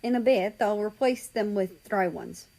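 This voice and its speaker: A woman voicing a calm, caring young male cat in a steady, slightly raised voice. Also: medium pitch, normal speed, vocal fry, lightly acted, low-quality recording.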